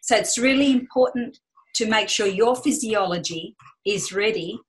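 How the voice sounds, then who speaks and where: A woman's voice: mid-range voice, normal speed, rough recording. A woman business coach adding a client example to a seminar in a supportive way. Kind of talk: seminar teaching.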